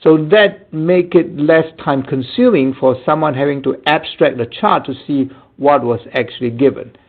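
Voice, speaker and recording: A man with a slightly high, gravelly voice, speaking as a doctor in a webinar. He explains step by step, pausing often on "uh" and "um". The sound is thin and tinny, like a phone line. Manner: explanatory, halting with frequent fillers. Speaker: physician webinar presenter. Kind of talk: answering audience questions in a webinar.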